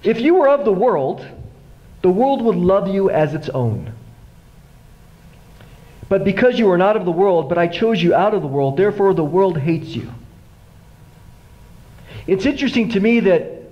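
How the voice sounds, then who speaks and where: Here a middle-aged pastor preaches in a church sanctuary at a moderate pace, leaving long pauses. His voice is high and the highs are cut off in the recording. He tells animated stories, voicing the people in them.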